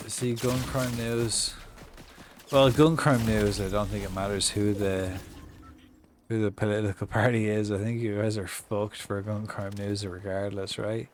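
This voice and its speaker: A man's voice: fairly low pitch, steady tone, a little slow, slight background noise. An Irish man chatting casually on a live gaming stream, swearing often and telling stories with mock-acted reactions. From Ireland. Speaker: game streamer.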